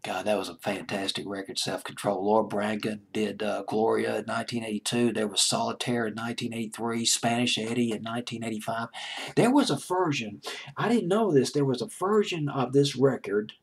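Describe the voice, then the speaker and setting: Middle-aged man, gravelly and husky, rambling casual countdown host. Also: on the low side, fairly quick. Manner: rambling, self-correcting, chuckling. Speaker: music video host.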